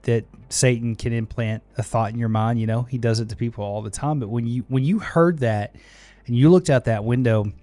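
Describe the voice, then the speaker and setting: A man's voice: mid-range voice, fairly quick, dark tone, no room sound, faint music behind. A man hosting a podcast interview, asking his guest questions in an earnest, searching way with many restarts. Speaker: podcast host.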